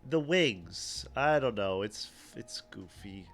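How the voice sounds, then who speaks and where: A man's voice: fairly low pitch, animated, slow, a bit bright, faint music behind. A man co-hosting a livestream, giving offhand, mocking outfit commentary that trails off into fillers. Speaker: podcast co-host.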